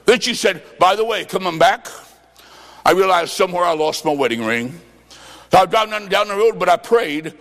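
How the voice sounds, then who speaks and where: A man preaching at a revival, telling a story and acting out voices, with bursts of shouting. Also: high voice, expressive, a little fast, big-room sound. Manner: dramatic, acts out quotes, shouts praise. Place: church revival service.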